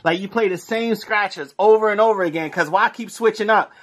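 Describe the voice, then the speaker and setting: A man casually comments as he scratches lottery tickets, reading the numbers aloud in slang and breaking into excited shouts. His voice is high and a little fast.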